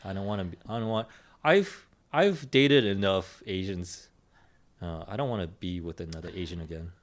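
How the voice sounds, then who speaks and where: A man's voice: low voice, normal speed. A man hosting a podcast in casual chat, joking and laughing often. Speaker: podcast host.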